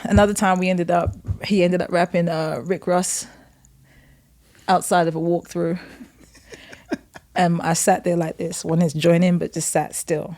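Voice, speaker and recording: A woman's voice: on the low side, a little slow, pauses often. A woman guest on a podcast, telling a story in a casual way, acting out the voices of other people with laughter. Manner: animated, acts out quotes with laughs.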